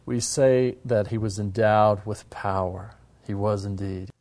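A man giving a measured, reverent explanation of scripture and church history, with occasional fillers. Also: on the low side, fairly even intonation, a little mellow. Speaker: religious history presenter.

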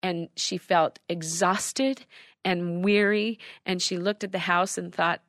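A woman's voice: on the low side, fairly even intonation, slow pace, fairly bright tone, no echo, clean studio sound. A woman hosting a daily devotional show, talking in an earnest, heartfelt way about her faith. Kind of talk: devotional talk.

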